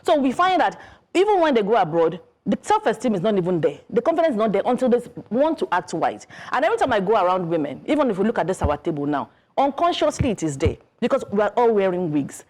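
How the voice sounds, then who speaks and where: A woman's voice: medium pitch, very animated, fast talker, a little mellow. A middle-aged woman with a Nigerian accent, a guest author talking emphatically on a studio panel and repeating her points.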